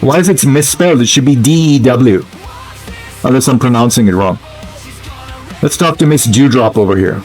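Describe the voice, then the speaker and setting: A man's voice: medium pitch, normal speed, long pauses, a little mellow, faint music behind. A man giving casual, musing gameplay commentary, hesitant and full of fillers as he thinks aloud. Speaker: gamer commentator.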